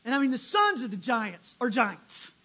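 A preacher voicing a group of panicked, defeated spies who plead, then grow loud. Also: mid-range voice, normal speed, pitched below the performer's own voice, lightly acted.

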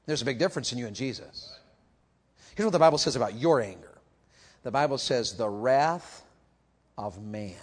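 A man preaching a youth sermon, animated and calling out questions to the crowd, moving from quiet talk to shouting. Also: mid-range voice.

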